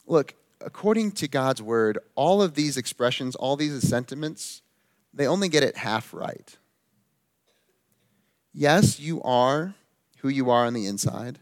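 A man preaching a sermon in an earnest, emphatic way, slowing down to stress key phrases. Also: medium pitch, lively intonation.

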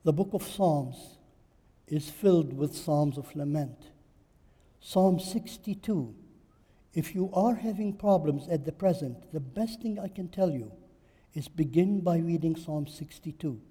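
A man's voice: a little high, animated, unhurried, warm tone, breathy edge, long reverb tail. A man preaching a sermon in church, emphatic and repeating phrases for stress. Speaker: pastor.

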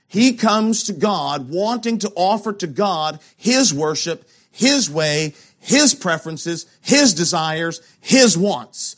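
A man preaching a sermon, asking rhetorical questions and swinging between loud emphasis and hushed lows. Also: lively intonation, slow pace, few pauses.

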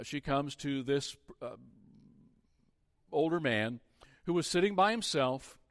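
A man preaching a sermon as pastor, earnest and measured, often pausing on "uh" and restarting his phrases. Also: mid-range voice, no room sound, studio quality.

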